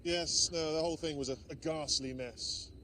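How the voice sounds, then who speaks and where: An actor playing a posh, flustered heir with a British accent. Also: male voice, fairly high pitch, steady tone, normal speed, sharp tone, a little hiss or hum.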